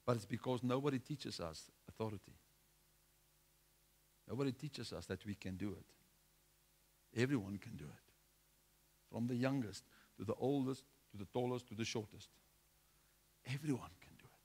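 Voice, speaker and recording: A man's voice: medium pitch, normal speed, long pauses, a little mellow, husky. Male preacher, medium voice, exhorting sermon delivery with repetition.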